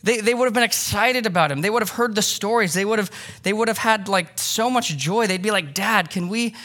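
Man, pastor, sermon, bright tone, fairly high voice, casual and energetic delivery. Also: fairly quick. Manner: conversational, energetic, animated with lots of fillers. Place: church sanctuary.

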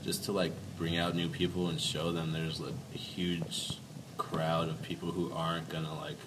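A man's voice: sits low, completely flat delivery, normal speed. A young man from a band, chatting casually in an interview, laid-back and laughing often. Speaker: band member guest. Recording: distant mic with noise.

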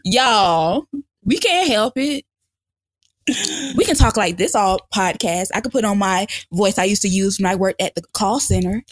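A young adult woman chats loosely on a podcast, loud and lively. She swears freely and laughs often. The recording is dry and close. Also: mid-range voice, a little slow, dry recording. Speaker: podcast co-host. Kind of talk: casual podcast chat.

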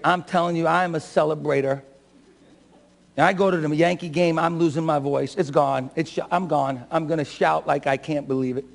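A pastor preaching a sermon with fervor, swinging from soft talk to shouting. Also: male voice, fairly high pitch, vocal fry, long reverb tail. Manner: self-described shouter and crier. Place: church sanctuary.

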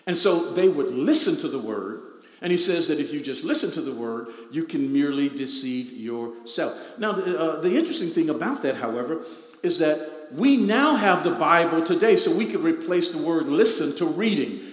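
Casting male pastor, somewhat high voice, emphatic repetitive preaching, roomy hall reverb. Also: expressive, moderate pace. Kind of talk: sermon. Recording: echoey hall with long reverb.

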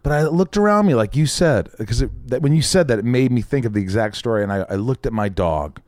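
A man, a guest on a podcast, telling a story in a lively way, acting out the voices of the people in it and swearing casually. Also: mid-range voice, quick pace, no echo, clean studio sound. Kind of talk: animated storytelling with acted-out quotes.

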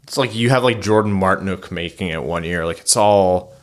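Man, low voice, podcast co-host, casual hockey chat, rambling. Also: brisk. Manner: rambling, filler-heavy, laughs often.

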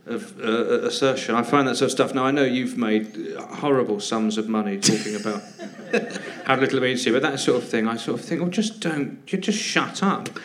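A man's voice: mid-range voice, steady tone, a little fast. A comedian guest on a live podcast, a man who talks in a hesitant, rambling way with many fillers and a wry, sardonic edge.

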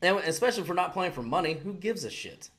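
A man chats casually on a podcast, a touch higher in pitch than most men. He tells stories in an animated, profane way and slips into other people's voices to quote them. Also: fast talker. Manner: animated storyteller, heavy swearing, acts out quotes. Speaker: podcast co-host. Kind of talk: casual chat.

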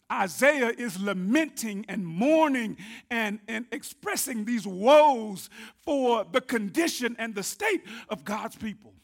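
A man preaching a sermon, his voice not working well, building to shouted emphasis. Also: sits high, gravelly.

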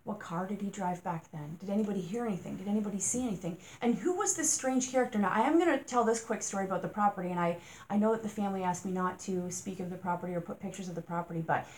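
A woman's voice: mid-range voice, fast, a little mellow, a little hiss or hum. A woman hosting a true-crime podcast, talking casually through her thoughts, asking rhetorical questions and sometimes getting exasperated.

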